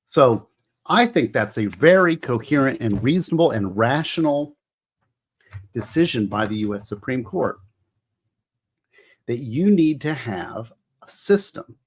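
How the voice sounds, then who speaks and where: A man's voice: medium pitch, slightly rough. A middle-aged man hosting a casual livestream, rambling and emotional as he explains law. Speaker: livestream host.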